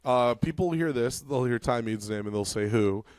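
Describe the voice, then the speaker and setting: Comedy podcast co-host, male, mid-pitched, halting and filler-heavy, dry close-mic sound. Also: dry recording. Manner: rambling, halting with many fillers and restarts. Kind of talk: casual comedy podcast chat.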